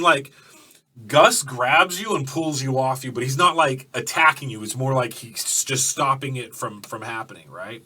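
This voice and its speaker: Male game master, casual profane narration, bright sharp voice, mic at a distance. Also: mid-range voice, normal speed, slightly rough. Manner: loose, profane, filler-heavy storytelling.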